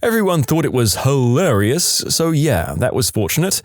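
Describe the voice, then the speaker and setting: Male narrator, animated, varied pitch, scripted story reading, dry close sound. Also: moderate pace, dry recording.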